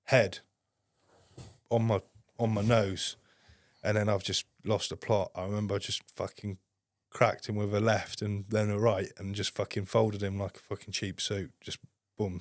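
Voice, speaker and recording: As a podcast guest, a man with a fairly low voice tells a story bluntly and casually, swearing constantly. The recording is close and dry, with no room sound or echo.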